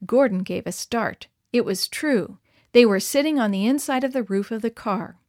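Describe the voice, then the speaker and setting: A woman narrating a story in a clear, expressive read-aloud manner. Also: on the high side, moderate pace, dry recording, studio quality. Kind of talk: scripted narration.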